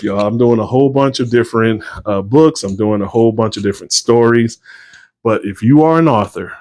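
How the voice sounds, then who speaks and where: A man's voice: mid-range voice, darkish tone, no room sound. A man, a novelist, chatting casually to viewers on a livestream, rambling and tired.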